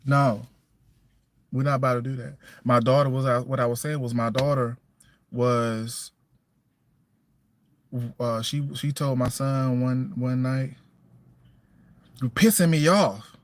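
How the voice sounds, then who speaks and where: A man's voice: mid-range voice, flat delivery, a little slow, pauses often. A single father chatting casually on a livestream. He is firm and plainspoken, repeats himself, and keeps checking in with "you know what I'm saying". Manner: firm and plainspoken about household rules.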